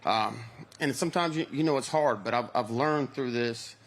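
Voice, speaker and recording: A man's voice: medium pitch, normal speed. A middle-aged man, a pro angler, speaking emotionally and from the heart on an outdoor stage.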